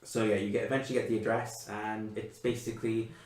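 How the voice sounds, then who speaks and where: A low-voiced man running a tabletop game who narrates in a loose, rambling way full of fillers. His voice rings in an echoey room, which gives the sound a casual, homemade feel. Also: flat delivery, quick pace, a little mellow. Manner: rambling, filler-heavy, easygoing. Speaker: game master.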